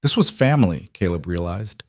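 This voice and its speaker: A man narrating a scripted western story in even, steady storytelling. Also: low voice, normal speed, dry recording.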